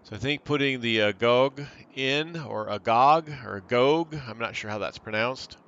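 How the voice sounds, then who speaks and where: A man's voice: mid-range voice, normal speed, fairly bright tone, muffled recording. A man casually commenting on a strategy game as he plays, thinking aloud and reading out options from the screen. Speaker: gaming channel host. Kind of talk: casual let's-play commentary.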